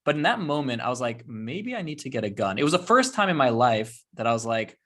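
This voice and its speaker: A man's voice: mid-range voice, sing-song, quick pace, fairly bright tone. Earnest man hosting an interview. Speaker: rabbi and podcast host. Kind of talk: conversational interview.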